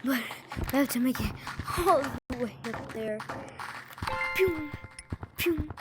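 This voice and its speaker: A woman's voice: on the high side, normal speed, rough recording. A woman giving casual, self-mocking gameplay commentary, out of breath, often dropping to a whisper. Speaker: gaming video creator. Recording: game music playing behind.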